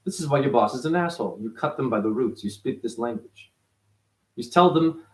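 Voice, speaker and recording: A man's voice: lively intonation, fairly quick. Guy rambling about spiritual stuff, swears a lot, voice jumps around, roomy echo. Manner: profane, rambling, jumps in pitch. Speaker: spiritual teacher. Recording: echoey room.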